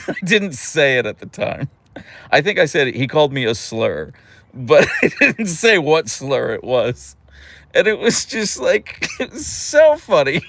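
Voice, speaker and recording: A young man hosting a livestream, telling a story in an animated way and laughing often. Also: on the high side, unhurried, creaky, dry recording. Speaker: livestream host. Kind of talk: casual livestream chat reading comments.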